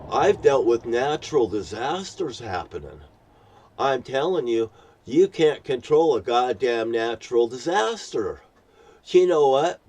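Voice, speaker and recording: Man, husky voice, profane repetitive rant, recorded slightly distant. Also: medium pitch, a little mellow. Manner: ranting, swears constantly, repeats himself. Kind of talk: angry profane monologue to camera.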